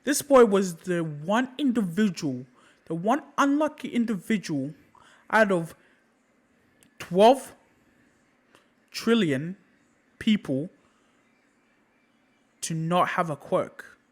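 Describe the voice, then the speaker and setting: A man narrating an improvised fan story in a casual, halting way, often repeating his phrases. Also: high voice, expressive, rough recording.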